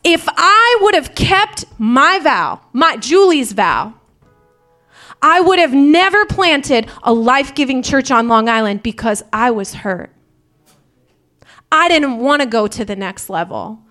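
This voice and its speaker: A woman pastor delivers a sermon in a very high, bright voice. She speaks candidly and builds to fervent, impassioned prayer, with music playing softly behind her. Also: very animated, takes it slowly.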